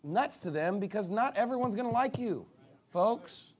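Guy preaching casually, fairly high voice, keeps acting out what people said to him. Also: moderate pace. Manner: animated storytelling, mimicking others' reactions. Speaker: pastor. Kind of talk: casual conversational sermon.

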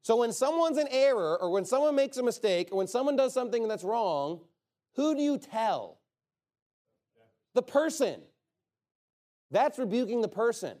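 A man's voice: very high-pitched, very animated, moderate pace, pauses often, darkish tone. A man preaching a sermon in an emphatic, conversational way, often asking rhetorical questions.

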